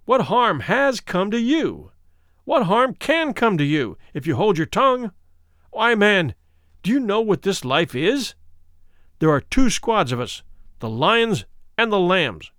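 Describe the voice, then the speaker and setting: Man playing a ruthless worldly doctor, coolly persuasive, condescending, lively pitch, storybook reading. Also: measured pace, no echo, clean studio sound, heavily acted.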